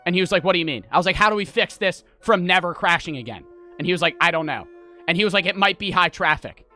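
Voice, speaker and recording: Bright-voiced, profane male streamer ranting. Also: high-pitched, animated, quick pace, faint music behind. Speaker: live streamer. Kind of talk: casual story-time rant to a live chat. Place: home streaming setup.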